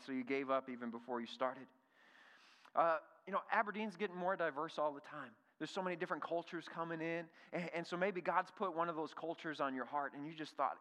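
A man's voice: on the high side, fairly quick, pushed and bright. A male pastor preaching an earnest sermon, full of rhetorical questions and repeated words. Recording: reverberant hall.

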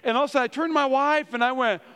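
A man's voice: very high voice, rapid-fire, clean tone, long reverb tail. A middle-aged man, a pastor, preaching a sermon in a church, telling funny family stories and acting out the quotes in them. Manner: animated storyteller, acts out quotes.

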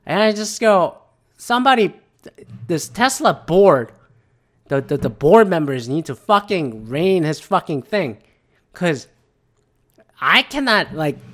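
A woman's voice: low-pitched, lively intonation, unhurried. A woman who works in the auto industry, ranting with exasperation, heavy swearing and rambling asides. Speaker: commentator. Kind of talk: profane rant.

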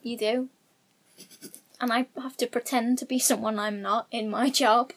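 A woman's voice: fairly high pitch, fairly even intonation, measured pace. A woman co-hosting a casual podcast, firing back dry retorts and laughing often. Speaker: podcast co-host.

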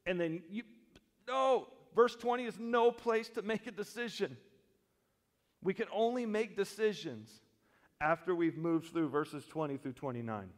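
Man, pastor, sermon, slightly high voice, long church reverb, loud emphasis then quiet reflection. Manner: humorous asides. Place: church sanctuary.

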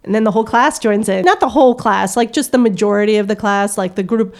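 A woman's voice: mid-range voice, quick pace. A woman in her thirties telling a story as a podcast guest, acting out the voices of the people in it. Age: 30s. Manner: lively, acts out voices of classmates.

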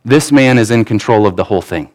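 A man preaching a sermon, acting out scripture quotes with animated shifts and frequent restarts. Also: on the low side, fast. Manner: speech with frequent restarts and repeated words. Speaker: pastor.

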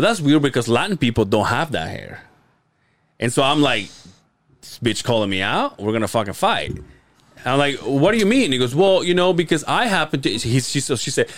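A podcast co-host with a mid-range, fairly bright voice tells a long, crude story in a rambling, casual way, laughing often. There's no echo.

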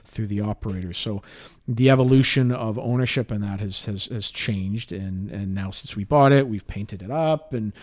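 A man's voice: lowish voice, moderate pace, a little mellow. Man, soccer podcast co-host, casual chat, rambling with restarts. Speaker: podcast co-host, youth soccer club staff.

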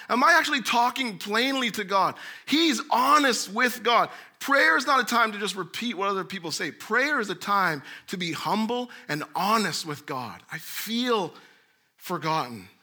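A man preaching a sermon, earnest, rising to emphatic bursts and dropping to soft low asides. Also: animated, moderate pace, few pauses.

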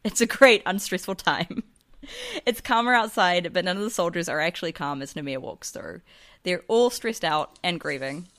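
A woman's voice: on the low side, moderate pace, fairly bright tone. A woman hosting a casual podcast, reading out a story summary and laughing between jokes. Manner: giggly, reads summary then jokes. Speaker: podcast host recapping a book.

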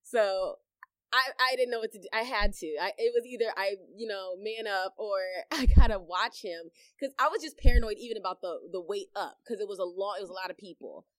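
A young woman talks in a casual, animated way, jumping up in pitch when she acts out her own reactions. She laughs often between lines. Her voice sits at an ordinary middle pitch, and the sound is dry and close. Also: quick pace, few pauses, dry recording. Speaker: podcast co-host. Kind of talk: casual chat and storytelling.

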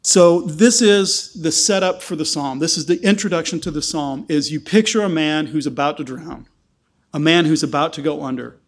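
A man's voice: on the high side, normal speed. A man preaching an earnest sermon, often repeating words as he explains scripture. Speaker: pastor.

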